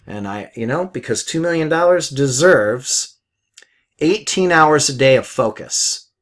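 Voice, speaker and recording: Blunt, animated middle-aged trading mentor. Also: male voice, a little high, unhurried. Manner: blunt, swears, repeats himself; chatty, laughs at his own jokes. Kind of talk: live market commentary and teaching.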